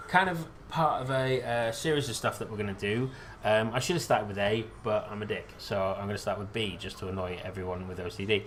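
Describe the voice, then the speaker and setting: A man's voice: lowish voice, fairly bright tone. British male quiz host, casual and self-mocking, faint background noise. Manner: rambling, self-deprecating, joking. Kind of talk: casual live-stream quiz hosting.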